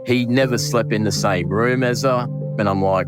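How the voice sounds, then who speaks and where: An Australian butcher recounting a late coworker in an emotional interview, with halting restarts and acted-out dialogue. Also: male voice, lowish voice, fairly even intonation, over music. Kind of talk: interview recollection.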